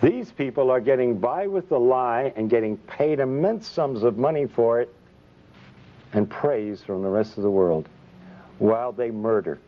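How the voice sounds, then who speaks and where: A man's voice: mid-range voice, animated, unhurried. A man, a physician, giving an impassioned public speech full of indignant rhetorical questions and sarcasm. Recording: dull lo-fi recording.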